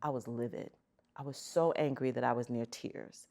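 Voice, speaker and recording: A middle-aged woman, a guest on an interview show, telling stories in an animated, emphatic way. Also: extremely low pitch, moderate pace, gravelly. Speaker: guest, arts center chief executive. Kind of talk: conversational storytelling.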